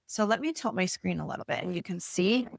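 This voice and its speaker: A woman facilitating breathwork, giving slow, soothing guidance over a video call. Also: lowish voice, expressive, gravelly, dry recording, studio quality. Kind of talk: guided breathwork instruction.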